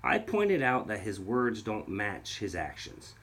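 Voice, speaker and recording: A man's voice: on the low side, wildly swooping pitch, a little slow, a bit bright, slight background noise. A man narrating a video in an accusatory, sarcastic tone. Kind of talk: scripted narration.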